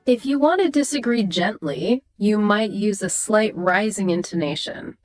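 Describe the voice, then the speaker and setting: A woman with a middle-pitched voice co-hosts an educational podcast, explaining things clearly and acting out sample sentences with pronounced rises and falls. Soft music plays faintly underneath. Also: animated, a little slow. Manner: explanatory, demonstrates example sentences with exaggerated pitch. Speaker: podcast co-host explaining intonation. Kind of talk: scripted educational podcast chat.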